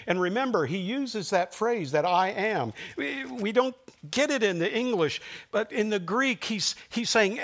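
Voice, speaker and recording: A man with a fairly high voice preaches a sermon in a relaxed, conversational way, voicing the people he quotes as he goes. The recording is dull and lo-fi. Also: measured pace. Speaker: pastor.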